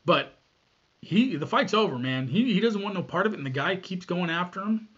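A man giving a casual, blunt talk on armed self-defense, swearing freely and acting out shouted commands. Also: high-pitched, expressive, brisk, slightly rough. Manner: blunt, profane, acts out scenarios with shouted commands. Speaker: firearms self-defense instructor. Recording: dull lo-fi recording.

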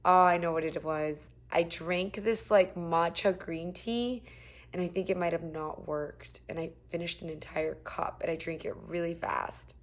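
A woman's voice: lowish voice, steady tone, measured pace. Nauseous young woman live-streaming. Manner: chatty, drifting between loud outbursts and tired murmurs. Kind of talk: casual live-stream chat reading comments. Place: shared apartment.

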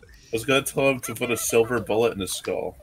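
A man bickering excitably with friends while playing a game. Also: mid-range voice, fast. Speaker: gaming friend. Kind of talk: casual gaming banter.

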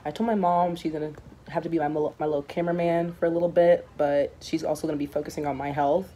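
Here a young woman vlogs to camera on a handheld phone, talking fast in a low, warm, level voice. She rambles and swears freely, and a little hiss or hum can be heard.

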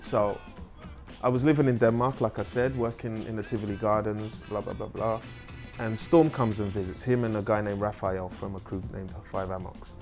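A man's voice: on the low side, fairly even intonation, moderate pace, darkish tone, faint music behind. A man speaking as an interview guest, telling candid stories in a frank, profane way and often tagging remarks with "right?". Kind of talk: candid conversational storytelling.

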